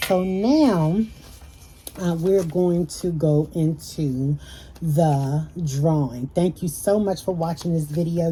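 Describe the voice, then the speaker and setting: A young woman YouTuber with a low, warm voice chats with viewers in a casual Q&A vlog, telling stories and calling them y'all. The recording is low quality, with slight background noise.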